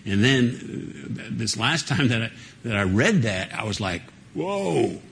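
A man with a fairly low voice leads a Bible study in a small room, faint ambience behind him. He talks in a loose, rambling way, full of fillers and little laughs, and stops to put questions to the group. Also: measured pace, a bit bright, slight background noise. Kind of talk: informal Bible teaching with audience questions.

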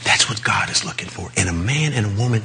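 A man's voice: lowish voice, animated, fast talker, sharp tone, slight background noise. A man preaching a sermon in a loose, conversational way, with chuckles as he talks.

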